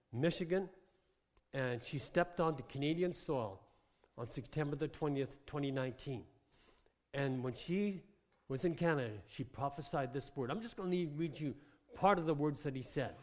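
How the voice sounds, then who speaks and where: A man preaching a sermon with passion, moving between quiet reading and loud declarations. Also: fairly high pitch. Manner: impassioned, swings from quiet to shouting. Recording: long hall reverb.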